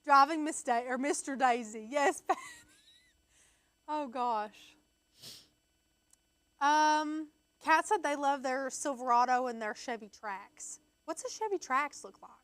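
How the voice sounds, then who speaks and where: A young woman with a high, bright voice rambles through stories in a casual chat, acting out what others said and laughing as she goes. The sound is dry and close, with no room behind her. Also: measured pace, long pauses, no echo. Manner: chatty storyteller, acts out quotes, laughs often. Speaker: co-host.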